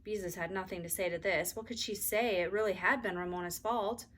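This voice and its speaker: A woman teacher narrating a children's chapter book aloud in an even, expressive way. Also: mid-range voice, a little fast. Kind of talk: storybook read-aloud.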